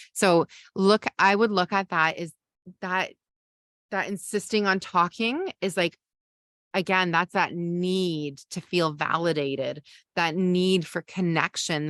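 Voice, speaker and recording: Brief: woman parenting coach, lowish voice, dry close sound, chatty live Q&A. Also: a bit bright, no echo. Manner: conversational, reads viewer questions and answers off the cuff. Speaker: parenting coach and podcast host. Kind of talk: live masterclass Q&A.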